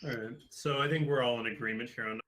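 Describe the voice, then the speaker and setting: A young man hosting a casual podcast chat, running the segments and musing in a drawn-out way. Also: medium pitch, steady tone, fairly bright tone. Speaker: podcast host.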